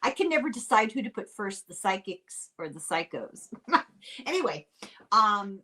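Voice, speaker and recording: An older woman from Ireland, hosting a casual podcast chat, animated and quick to laugh. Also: medium pitch. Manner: chatty and animated, laughs often. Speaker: podcast host.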